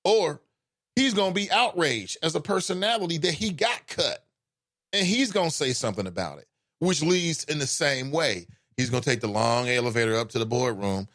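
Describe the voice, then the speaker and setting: Animated man hosting a call-in talk show. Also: normal speed, no echo, studio quality. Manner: animated, swings between loud emphasis and low asides. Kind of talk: casual talk commentary.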